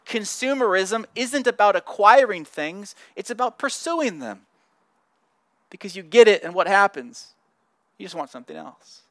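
A male pastor delivering a sermon, earnest and conversational, with frequent restarts and repeated words. His voice sits high for a man. The recording is dry, with no room echo. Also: a bit bright, clear, resonant tone.

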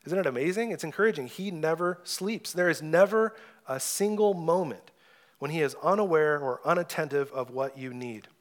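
A young adult man preaching an earnest sermon, rising loud when he reads scripture aloud. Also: fairly high pitch, moderate pace. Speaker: pastor.

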